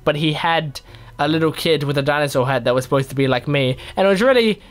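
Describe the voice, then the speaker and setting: A young man chats loosely through fan questions, rambling and poking fun at himself. His voice sits a little high for a man. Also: quick pace. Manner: rambling, playful, self-mocking. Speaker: YouTube gamer answering fan questions. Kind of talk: casual Q&A chat.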